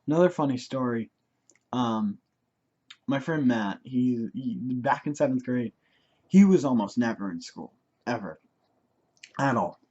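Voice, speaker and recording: A man's voice: mid-range voice, animated, a little slow, pauses often, a little mellow, slightly rough, lo-fi sound. A teenage boy telling a story from his life in a rambling way, full of fillers. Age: teens. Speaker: vlogger. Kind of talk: casual storytelling.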